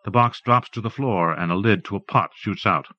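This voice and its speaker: A man narrating a literary audiobook in a measured, even reading. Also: lowish voice, no echo. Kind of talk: scripted narration. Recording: dull dry tape recording.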